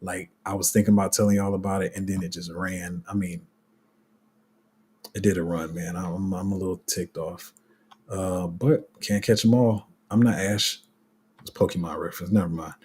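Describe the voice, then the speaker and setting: A man's voice: deep voice, fairly even intonation, moderate pace, a little mellow, slight background noise. A man hosting a casual crypto livestream, rambling with many restarts and reading viewer comments aloud. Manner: rambling, restarts often, laughs at himself.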